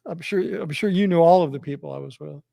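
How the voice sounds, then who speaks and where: A man's voice: on the high side, quick pace, vocal fry, dark tone, dry recording. A man as interview guest, telling a personal story with many restarts and fillers.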